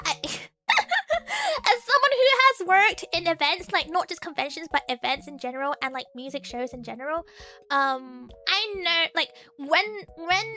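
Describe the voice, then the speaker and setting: A woman's voice: very high-pitched, animated, measured pace, pushed and bright, faint music behind. A young English woman streamer in casual chat, giggly and bubbly, rambling with lots of fillers. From England.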